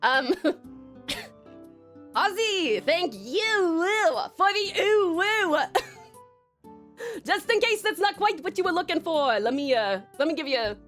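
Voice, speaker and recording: A woman's voice: very high-pitched, expressive, takes it slowly, pauses often, a bit bright, soft background music. A woman from Tasmania, Australia, streaming live in casual chat, rambling and giggling as she greets viewers.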